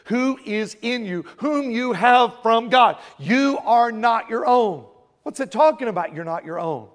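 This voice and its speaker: A male pastor giving a conversational sermon, asking rhetorical questions and answering them himself. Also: high voice.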